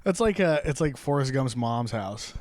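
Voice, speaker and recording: A man's voice: medium pitch, expressive, moderate pace, no room sound. A man co-hosting a casual chat, laughing often and rambling through restarts. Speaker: podcast co-host. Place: apartment.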